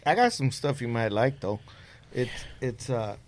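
A man's voice: mid-range voice, a little slow. A man in his fifties, a podcast host, telling stories in casual chat and swearing freely. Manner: animated storyteller, swears freely.

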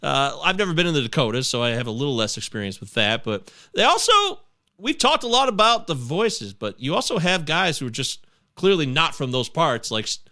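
A man's voice: a little high, big pitch swings, brisk, bright, forceful tone. A man from Michigan hosting a casual film discussion podcast, blunt and profane. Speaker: podcast host.

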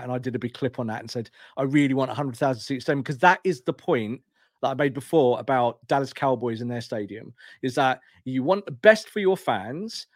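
A man co-hosting a football podcast, talking in a rambling, animated way. His voice sits in a middle register and comes across close and dry, with no room sound around it. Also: mid-range voice, no echo. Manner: animated, rambling, laughs while retelling. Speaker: podcast co-host. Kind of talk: casual football chat.

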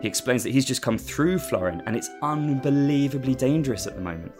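A man's voice: medium pitch, animated, fairly quick, music in the background. A man casually recapping a story as host, rambling with lots of fillers and laughing at himself. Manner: rambling, with many fillers and restarts, and amused.

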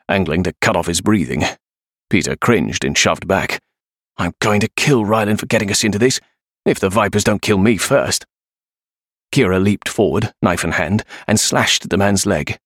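A man narrating an adventure story in an expressive, animated way. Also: low voice, no room sound, studio quality. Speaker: audiobook narrator. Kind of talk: scripted narration.

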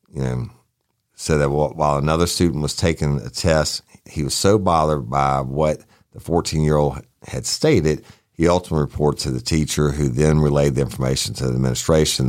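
A man's voice: extremely low pitch, gravelly, a little mellow. A middle-aged man co-hosting a crime news podcast, reading headlines aloud in a casual way and breaking off with asides. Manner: reads news aloud, trails off, says y'all. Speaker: podcast co-host.

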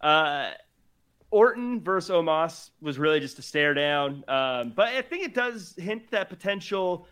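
A man's voice: fairly high pitch, animated, measured pace, a bit bright, clean tone. A man co-hosting a podcast, chatting casually about wrestling and laughing often. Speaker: podcast co-host.

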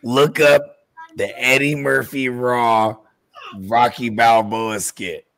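A man hosting a casual, slangy chat, excitedly pointing his guest to a comedy clip. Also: medium pitch, slow, gravelly, no room sound. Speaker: host reacting to a comedy clip.

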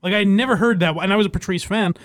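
A man's voice: sits high, rapid-fire, fairly bright tone, dry recording, clean studio sound. A man hosting a podcast in casual chat, rambling with fillers, swearing and laughing. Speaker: podcast host.

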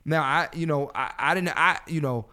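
A man in his thirties hosting a casual podcast chat, loud and profane, laughing often and lecturing his listeners. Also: a little high, normal speed. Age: 30s. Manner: loud, profane, laughs a lot, preachy rants to "fellas". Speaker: podcast host.

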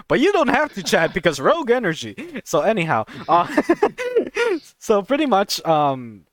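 A young woman co-hosting a podcast, telling a story in a casual, animated way, swearing and acting out voices. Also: sits low, no echo, studio quality. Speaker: podcast co-host.

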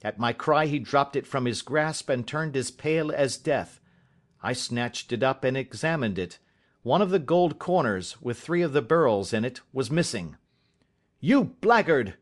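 A man narrating a first-person audiobook in a measured, dramatic storytelling manner. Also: mid-range voice, lively intonation.

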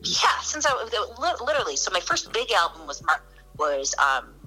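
Animated, bright-voiced woman comedian. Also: medium pitch, normal speed, slightly rough, faint music behind, rough recording. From Chicago, US. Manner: animated storyteller, acts out quotes, swears freely. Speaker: comedian, podcast guest. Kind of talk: casual podcast chat.

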